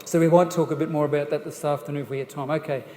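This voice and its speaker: A man giving a jokey, lively church seminar talk on family life, putting questions straight to the audience. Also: fairly high pitch, very fast, slight background noise. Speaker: guest speaker on family life. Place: church hall. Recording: echoey church hall, faint ambience.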